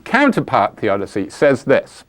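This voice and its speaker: A man's voice: mid-range voice, wildly swooping pitch, unhurried. A man giving an informal philosophy lecture, talking in a conversational, digressive way with many ums and uhs. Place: Flint, Michigan.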